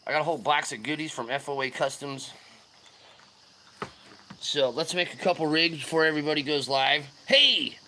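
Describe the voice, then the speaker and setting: Rowdy, bright-voiced fishing streamer. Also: male voice, fairly high pitch, steady tone, brisk, pauses often, slight background noise. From California. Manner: rowdy, greets chat loudly, slangy. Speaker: fishing livestream host. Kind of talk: casual livestream chat.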